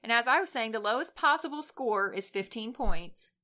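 A woman's voice: a little high, expressive, moderate pace, sharp tone. A woman co-hosting a casual sports chat, playful and laughing often. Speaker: podcast co-host.

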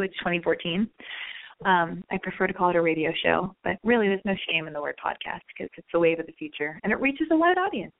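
A chatty, brash woman hosting a podcast, telling a story in a casual monologue. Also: fairly low pitch. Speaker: podcast host. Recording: narrow phone-like sound.

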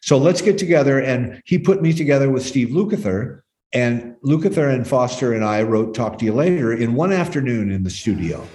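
An older man in an interview, spinning loose, wandering stories about old studio days. His voice has a medium pitch and sits in a roomy, echoey space. He slips into quick quoted voices of the people he talks about. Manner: rambling, quoting others in lively bits. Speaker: musician guest. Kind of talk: relaxed anecdotal storytelling.

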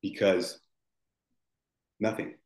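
Speaking very slowly in a slightly mellow voice, a podcast guest in his forties relays a painful story. The emotional account rambles, full of restarts and repeated words, and is captured with a roomy echo.

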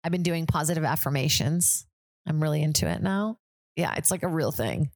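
A woman's voice: low-pitched, expressive, fairly quick, dry recording. A woman comedian hosting a casual podcast chat, rambling with lots of fillers, swearing and laughing often.

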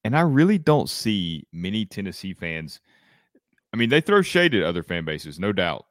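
A man co-hosting a sports podcast, talking in a calm, measured way. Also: low voice, no echo, studio quality. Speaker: podcast co-host.

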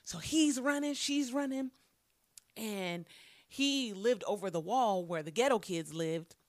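Animated, profane young woman telling a story. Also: mid-range voice, unhurried, no room sound, clean studio sound. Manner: animated, profane, acts out quotes. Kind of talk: casual storytelling.

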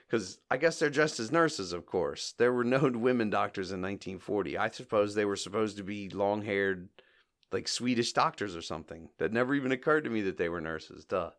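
This podcast host casually retells a comedy short scene by scene, laughing a lot and performing the quoted lines. His voice is lowish, brisk and creaky, with a slightly bright quality.

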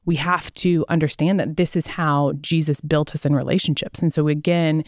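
A woman's voice: low-pitched, fairly even intonation, moderate pace, no room sound, clean studio sound. A woman co-hosting a casual faith podcast, talking earnestly and at length, retelling Bible stories with quoted lines. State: out of breath. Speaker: podcast co-host.

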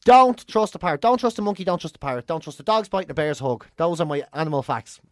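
Co-host, sweary, animated storyteller, dry close mic. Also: medium pitch, fast, no echo. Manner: swears freely, tells animated stories. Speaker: podcast co-host. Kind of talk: casual chat and anecdote.

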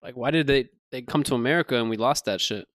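A man's voice: mid-range voice, quick pace, fairly bright tone, no room sound, clean studio sound. A man co-hosting a casual podcast, laid-back and slangy. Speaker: podcast co-host. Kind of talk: casual chat.

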